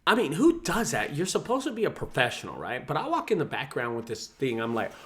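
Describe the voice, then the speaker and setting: A man's voice: medium pitch, huge pitch swings, fairly quick, fairly bright tone. A man who runs a junk removal business, teaching sales in a casual, profane, storytelling way. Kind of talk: casual teaching talk to camera.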